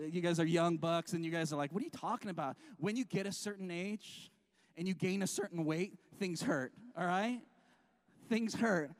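Middle-aged male pastor with a high voice, giving an animated, joking sermon in church. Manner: lively, jokey preaching with restarts and acted-out quotes. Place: church sanctuary.

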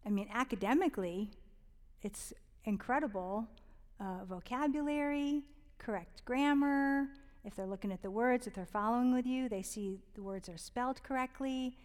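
Woman, higher voice, heartfelt rambling devotional parenting talk, long reverb tail. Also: darkish tone. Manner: earnest and heartfelt, drops to a whisper on tender points; rambling, many fillers and restarts. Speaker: Christian parenting speaker.

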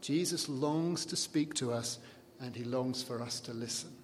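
A man's voice: a little slow, a little hiss or hum. Man preaching in a reverberant hall. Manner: conversational, drops soft and low for scripture quotes. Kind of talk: sermon. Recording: long reverb of a large hall.

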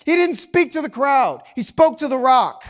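A man with a strikingly high voice preaches a sermon with fervor. He drops to near-hushed tones, then climbs into loud, emphatic lines, and keeps pressing the congregation with questions. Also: big pitch swings, moderate pace. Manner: impassioned preaching, swings between hushed and loud. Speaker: pastor.

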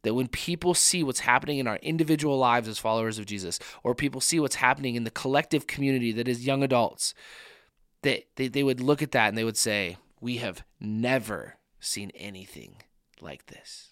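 A man gives an earnest sermon for a young adult podcast, driving points home with repeated rhetorical questions. His voice sits at an ordinary middle pitch. The recording is dry and close, with no room echo. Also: fast talker, fairly bright tone, clean tone. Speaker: young adult ministry speaker.

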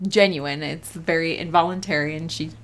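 A woman's voice: sits low, fairly even intonation, normal speed, a bit bright. A woman playing a tabletop game, describing her character's actions in a casual, thoughtful way. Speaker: player.

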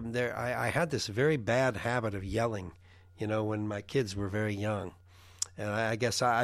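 A middle-aged man preaching informally and telling personal stories, halting often with restarts and fillers. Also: lowish voice, dry recording.

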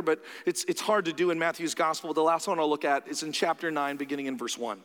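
A man's voice: on the high side, fairly bright tone, in a large hall. A man preaching a sermon in a loose, conversational way, acting out the voices he quotes.

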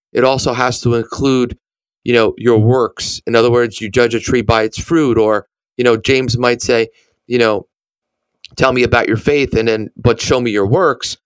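A man's voice: mid-range voice, no room sound. A man co-hosting a ministry podcast, talking earnestly through Bible passages with frequent restarts. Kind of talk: conversational Bible teaching.

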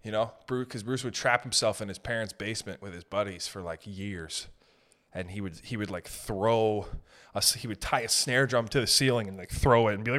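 A man's voice: on the low side, moderate pace, fairly bright tone. A man hosting a solo podcast, riffing in a rambling, profane comedic monologue. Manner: rambling, profane, tangent-hopping. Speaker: podcast host.

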